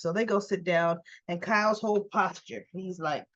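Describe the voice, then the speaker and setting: A woman's voice: lowish voice, moderate pace, fairly bright tone, lo-fi sound. A woman chattily retelling a soap opera episode, acting out what the characters say in a casual recap. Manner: chatty, retells scenes and acts out the characters' lines.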